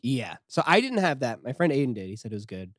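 A young man chatting casually, telling a travel story with lively acted quotes and frequent laughs. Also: medium pitch, fast talker, dry recording, clean studio sound. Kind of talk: casual chat.

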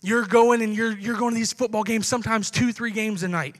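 A pastor telling a personal story in a sermon, acting out the conversations he recalls with lively, animated delivery. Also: high-pitched, fairly quick, long reverb tail.

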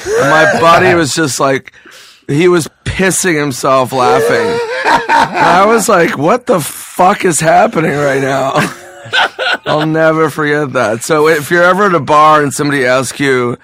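A man's voice: fairly high pitch, sing-song, measured pace, pushed and bright. A comedian guest, a man who is hungover, telling profane anecdotes casually and laughing through them on a podcast.

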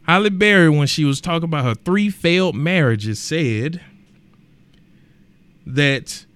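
A man hosting a podcast, ranting in a colloquial, animated way and repeating words for emphasis. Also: a little high, measured pace, smooth, no echo. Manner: animated and emphatic, rising to loud exclamations. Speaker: podcast host. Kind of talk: casual podcast rant.

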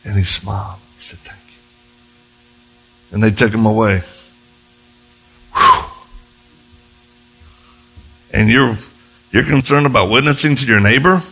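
Male preacher, gravelly and slightly husky, animated storyteller who leaps into high voices when quoting. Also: brisk, soft background music. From United States. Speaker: missionary preacher. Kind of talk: sermon with storytelling.

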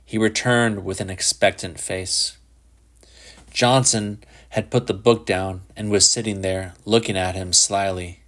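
A man narrating a literary short story in a measured, even way. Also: sits low. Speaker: audiobook narrator.

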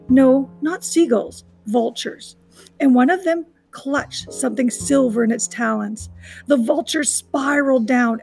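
A woman's voice: on the high side, creaky, darkish tone. A woman reading a children's novel aloud chapter by chapter, after a casual recap. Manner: recaps chapters casually, then reads briskly.

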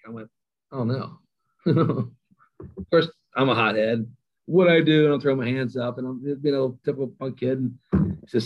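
A middle-aged man spins a rowdy yarn about his coaching days, and he often pokes fun at himself. His voice sits at an ordinary pitch. The recording sounds a little dull and lo-fi. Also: normal speed. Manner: animated, self-mocking storyteller. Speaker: high school football coach. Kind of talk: storytelling in an interview.

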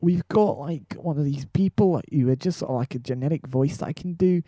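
A man's voice: on the high side, a little fast, dark tone, no room sound, close to an everyday voice. A man voicing a bumbling male news reporter in the field, rambling in a mock-newsreader way for an improvised comedy sketch. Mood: mock-serious.

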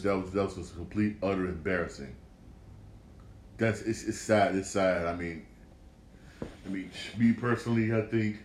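A man's voice: on the low side, a little hiss or hum. A man hosting a casual solo podcast, talking off the cuff with lots of swearing, repeated words and stumbling restarts. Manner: profane, repetitive, stumbling restarts. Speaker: podcast host. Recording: echoey room with faint ambience.

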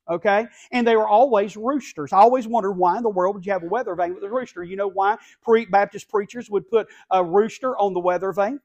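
A man preaching an impassioned sermon from a church pulpit, swinging between hushed lines and shouting. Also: high voice. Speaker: pastor.

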